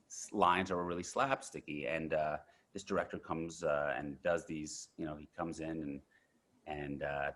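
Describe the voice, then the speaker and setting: A man in his thirties, an actor guest telling animated stories in a casual interview, full of fillers and restarts. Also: rumbling low. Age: 30s.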